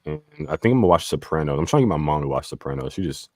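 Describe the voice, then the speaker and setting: A man's voice: extremely low pitch, big pitch swings, rapid-fire, mellow, no echo, clean studio sound. A man chatting casually on a podcast, laid-back and slangy, laughing often.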